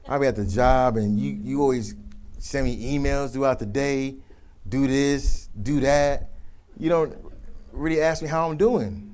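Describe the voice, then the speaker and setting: A man presenting a leadership workshop, talking in a casual, colloquial and animated way while acting out role-plays. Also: medium pitch, moderate pace, rough recording.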